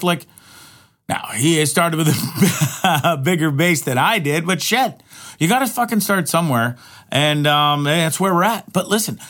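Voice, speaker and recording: A man's voice: fairly high pitch, fairly bright tone. A man hosting his own podcast in a rambling, profane solo monologue, often restarting his sentences. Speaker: podcast host.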